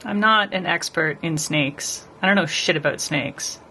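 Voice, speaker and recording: A woman's voice: sits low, a little slow, pushed and bright, slight background noise. A woman nail artist chatting casually with her live stream viewers as she paints, rambling and talking to the chat.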